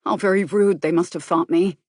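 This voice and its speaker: In an audiobook, a woman reads the part of a grave, controlled man, speaking in a measured, earnest manner that is quietly worried and gently persuasive. Her low voice has a breathy edge and fairly even intonation, recorded close and dry with no echo.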